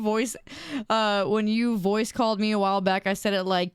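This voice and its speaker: A woman's voice: mid-range voice, steady tone, normal speed, smooth, dry recording, studio quality. A young woman streamer in casual chat, reading viewer messages aloud and giggling often.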